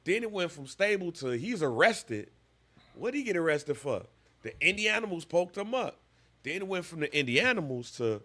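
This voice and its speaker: A man's voice: a little high, very animated, normal speed, fairly bright tone. A man in his thirties, a podcast co-host, telling a story with lots of animation and acting out voices in casual chat.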